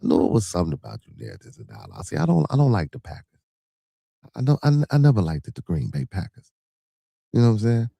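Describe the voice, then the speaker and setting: A man's voice: lowish voice, wildly swooping pitch, fast talker, gravelly, dark tone, slightly rough, no room sound. A man hosting a podcast, rambling in casual talk with lots of fillers and blunt swearing. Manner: rambling, frequent filler phrases, blunt and profane. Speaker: podcast host. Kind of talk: casual livestream talk answering chat.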